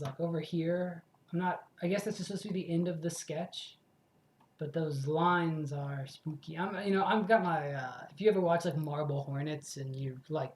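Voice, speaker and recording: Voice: medium pitch, reverberant. A let's play host in casual commentary, rambling, swearing freely and correcting themself as they go.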